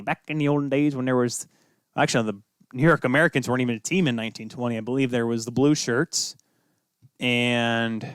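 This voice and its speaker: A man's voice: mid-range voice, fairly bright tone, no echo, clean studio sound. A young man hosting a solo sports talk show, rambling off on tangents with self-deprecating asides, tired from little sleep. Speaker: podcast host.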